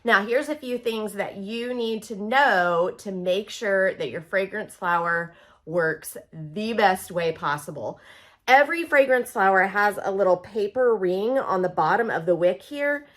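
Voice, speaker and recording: A woman from Oklahoma, working as a product demonstrator, chats through a casual how-to, speaking to viewers as if they were friends. Her medium-pitched voice is animated, unhurried, and a bit bright, with a folksy, chatty manner.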